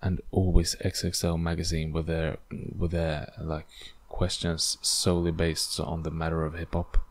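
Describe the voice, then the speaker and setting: A man's voice: low-pitched, completely flat delivery, normal speed. A man hosting a casual solo podcast, rambling and self-deprecating with lots of fillers, English not his first language. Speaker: podcast host.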